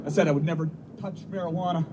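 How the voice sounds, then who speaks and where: A man's voice: on the high side, fairly even intonation, rapid-fire, a little mellow, a faint crowd. A man in his thirties doing a rambling stand-up comedy set for troops, acting out voices and swearing a lot. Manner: rambling storytelling, acts out voices, frequent swearing. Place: outdoor military base show. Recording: far-off mic, noisy open-air ambience.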